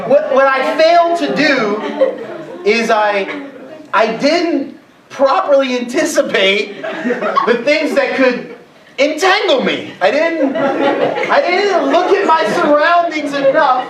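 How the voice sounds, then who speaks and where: A man's voice: very high-pitched, lively intonation, slow pace, crowd noise. A man in his thirties preaching a sermon to young adults, telling self-mocking jokes and stories. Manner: joking storyteller, self-mocking. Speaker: pastor. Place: church hall. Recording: echoey church hall from far off.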